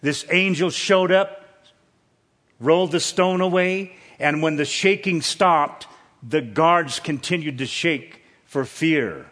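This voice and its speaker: A man's voice: on the high side, fairly bright tone. A man preaching a sermon in a church, earnest and repeating words for emphasis. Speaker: pastor. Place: church with screens.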